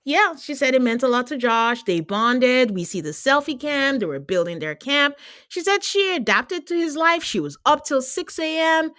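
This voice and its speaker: A woman's voice: high-pitched, expressive, moderate pace, a bit bright, dry recording, clean studio sound. A woman hosting a podcast, recapping a show in casual chat and laughing often. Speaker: podcast host.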